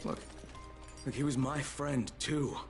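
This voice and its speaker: A man's voice: mid-range voice, slow, gravelly, music in the background. An actor playing a grave, grieving male survivor leader who had to kill a friend. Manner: grave, emotional.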